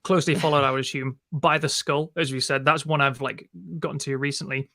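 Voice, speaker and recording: A man's voice: medium pitch, flat delivery, brisk, bright, forceful tone. A man co-hosting a tech podcast, chatting casually with frequent restarts and fillers. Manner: hesitant, many restarts. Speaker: podcast co-host. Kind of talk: casual chat.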